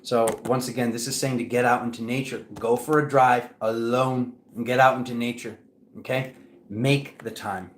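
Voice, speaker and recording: A man talks his viewers through a tarot spread in a loose, chatty way, keeping them with him with a quick "okay?" after each point. His voice sits at an ordinary middle pitch and rings in a roomy, echoing space. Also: a little hiss or hum. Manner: chatty and animated, addresses viewers directly with repeated "okay?". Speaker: tarot reader. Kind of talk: casual tarot reading to camera.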